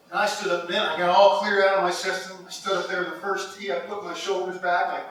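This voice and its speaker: A man's voice: sits high, a little fast. A middle-aged man from Ohio giving an induction speech, telling his stories with animation and frequent laughter. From Cincinnati, Ohio. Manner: animated storyteller, laughs often. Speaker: golf hall of fame inductee. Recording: echoey hall, mic far off.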